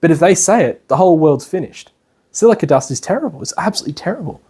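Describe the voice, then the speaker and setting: A man voicing a blunt asbestos removal tradesman who confides matter-of-factly in a husky voice. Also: fairly high pitch, lively intonation, fast talker, warm tone. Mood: confiding.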